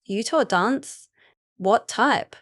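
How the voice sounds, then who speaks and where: A woman reading the lines of a caring young male werewolf twin in a storybook, soft and concerned. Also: on the high side, expressive, very slow, no room sound, studio quality, heavily acted.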